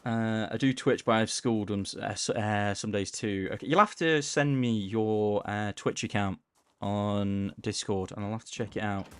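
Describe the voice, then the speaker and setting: A man casually chatting on a live gaming stream, reading chat aloud in a mellowed-out, low-key way and tripping over words as he plays. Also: steady tone, moderate pace, clean tone, no room sound. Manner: stumbles over words while playing.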